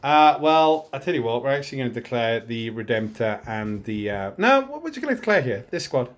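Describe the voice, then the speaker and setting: A man narrating his moves in a tabletop wargame, chatty and self-mocking, getting excited over dice rolls. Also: medium pitch, brisk. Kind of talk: casual battle report commentary.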